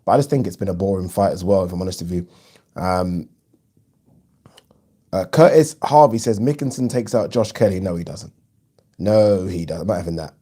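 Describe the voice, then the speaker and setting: Low and mellow, this man's voice moves at a moderate pace with frequent pauses. He's hosting a live boxing watch-along, reading viewer comments in a chatty, frank way, swearing freely and saying um a lot.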